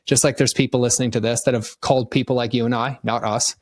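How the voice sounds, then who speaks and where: A middle-aged man on a podcast, explaining marketing ideas in an animated, conversational way and slipping into quick voices for the customers in his stories. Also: medium pitch, no echo, studio quality. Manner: animated storyteller acting out customers in quoted voices. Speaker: podcast guest, marketing consultant.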